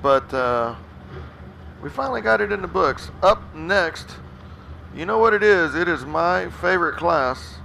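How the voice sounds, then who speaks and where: High-voiced race announcer. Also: male voice, a little slow, vocal fry. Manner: folksy, excitable play-by-play calls. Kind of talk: live race commentary. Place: outdoor racetrack. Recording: noisy outdoor track, engines behind.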